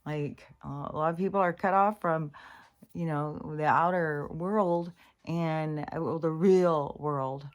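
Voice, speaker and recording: A woman in a casual vlog, rambling and exasperated, swearing freely and growing loud when indignant. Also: steady tone, slow. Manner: grows loud and high-pitched when indignant. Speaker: vlogger. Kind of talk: casual spiritual vlog rant.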